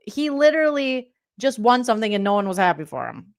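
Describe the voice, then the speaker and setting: A woman's voice: fairly high pitch, very animated, a little fast. A woman in her forties, a comedian, doing a sarcastic, exasperated reaction rant with plenty of swearing. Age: 40s.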